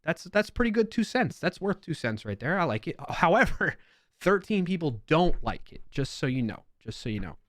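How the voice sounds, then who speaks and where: A man's voice: a little high, big pitch swings, normal speed, fairly bright tone, no room sound, clean studio sound. A man with a New York accent giving casual reaction commentary as a developer YouTuber, with chatty, wry asides.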